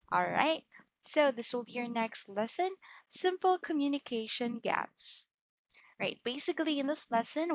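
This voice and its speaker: A woman's voice: fairly high pitch, fairly bright tone, no echo, dull audio. A woman leading an online call center training lesson, walking through quiz answers and often checking in with "right?" and "okay?".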